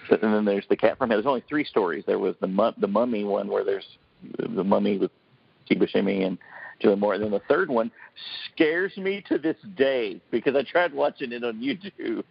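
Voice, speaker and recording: Excitable man with a gravelly husky voice. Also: on the low side, a little fast, dry recording. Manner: excitable storyteller, acts out quoted voices. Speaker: podcast panelist. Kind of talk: casual roundtable chat. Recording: dull lo-fi podcast audio.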